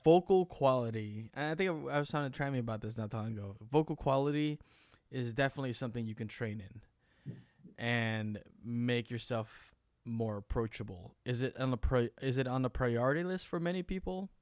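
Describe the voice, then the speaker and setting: A man's voice: medium pitch, a little fast, darkish tone, no room sound, clean studio sound. A man co-hosting a casual live panel chat, reading out viewer comments and joking with mock voices. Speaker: co-host.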